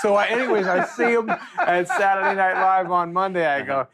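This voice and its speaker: A man with a gravelly, fairly high voice tells an animated anecdote, quoting others loudly. His delivery is lively and full of raised quoted lines. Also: normal speed. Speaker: comedian telling a story.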